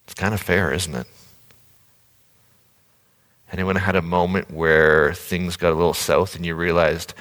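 A man giving a conversational sermon as a pastor, telling a playful story with sudden loud bursts on a stage mic. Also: low voice, little pitch movement, unhurried, pauses often. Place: large church hall. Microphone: handheld stage mic. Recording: long hall reverb.

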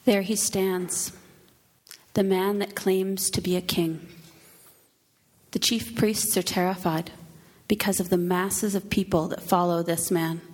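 A woman telling an Easter story as a first-person onlooker, in a slow, solemn and emotive monologue. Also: on the low side, a little mellow. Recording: long reverb of a church hall.

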